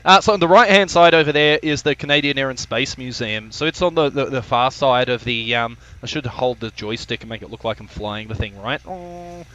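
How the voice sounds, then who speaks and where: A man's voice: medium pitch, a little fast, hardly any pauses, bright, forceful tone, dull audio. A man casually commentating his own flight video on a live stream, joking, swearing and rambling with lots of fillers.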